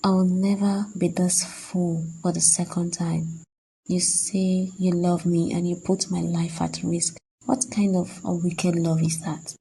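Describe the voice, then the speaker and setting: A woman's voice: fairly low pitch, level tone, measured pace, dark tone, full character voice, low-quality recording. A woman voicing a heartbroken, betrayed young fiancée in a cartoon, talking in a distressed, accusing way. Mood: angry. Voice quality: husky, gravelly. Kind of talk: cartoon voice acting.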